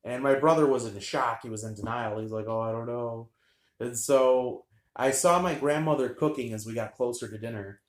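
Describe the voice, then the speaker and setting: A man's voice: medium pitch, a little fast. Rambling man telling a story, echoey room. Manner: rambling, deadpan humor, many fillers. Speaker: vlogger telling a childhood story. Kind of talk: casual storytelling.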